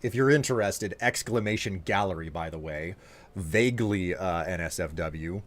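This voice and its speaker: A man with a somewhat low voice talks casually to his live-stream audience. He teases viewers playfully and thanks them one by one by name. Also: normal speed.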